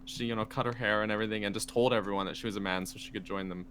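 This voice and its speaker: Male co-host, low voice, loose rambling delivery with frequent laughs. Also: fairly even intonation, racing, fairly bright tone, a little hiss or hum. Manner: rambling, laughs often, many fillers. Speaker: podcast co-host. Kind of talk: casual podcast chat.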